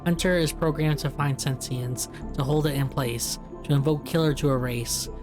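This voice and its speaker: A man's voice: a little high, fairly even intonation, moderate pace, natural voice. A man reading a terse vending-machine AI. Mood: clipped. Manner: clipped broken sentences, read in his own plain voice. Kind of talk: reading game dialogue aloud. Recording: game music playing behind. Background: game music.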